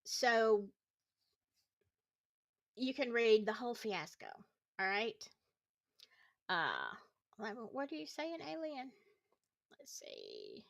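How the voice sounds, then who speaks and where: A woman's voice: a little high, huge pitch swings, slow pace, vocal fry, long pauses, a bit bright. Tired, fired-up woman chatting. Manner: opinionated, gets heated, sarcastic asides, reads chat aloud. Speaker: YouTube true-crime commentator. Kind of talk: casual livestream chat.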